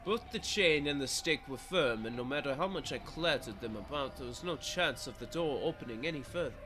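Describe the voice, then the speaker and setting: A man's voice: mid-range voice, expressive, brisk. A man streaming a visual novel, reading its first-person narration aloud with dramatic, pleading repetition. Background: game music.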